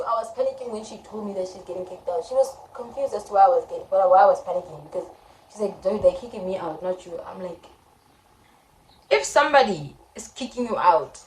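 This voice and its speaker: A woman's voice: medium pitch, darkish tone, recorded from a distance. A young South African woman in her twenties, telling a story in a casual vlog and retelling it dramatically with quoted voices. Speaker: vlogger. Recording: echoey room, faint background noise.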